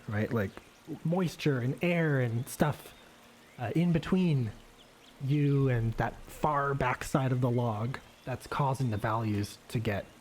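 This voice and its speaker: A man giving a relaxed, rambling live painting demonstration, thinking aloud with many fillers and restarts as he works. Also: medium pitch, slight background noise. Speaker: art instructor painting live. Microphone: desk microphone on a livestream.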